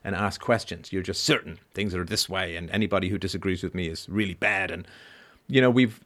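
A man's voice: sits low, fairly quick, a bit bright. A middle-aged man hosting a show, talking through ideas in a discursive, emphatic monologue and checking in with frequent tag questions. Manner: discursive, emphatic, constant "right?" tags. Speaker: podcast host. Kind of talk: philosophical monologue.

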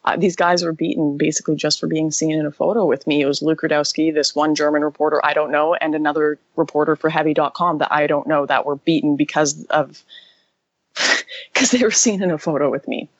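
Animated woman telling a story, lo-fi. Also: deep voice, no echo. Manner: animated, quick, many "like" fillers. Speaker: interview guest, journalist. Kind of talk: casual interview storytelling.

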